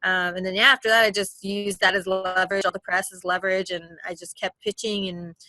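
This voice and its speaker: Guest: young woman, bright voice, quick chatty storyteller, dry close sound. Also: medium pitch, no room sound, faint music behind, rough recording. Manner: animated, rapid, many fillers. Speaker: travel blogger guest. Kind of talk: casual interview storytelling.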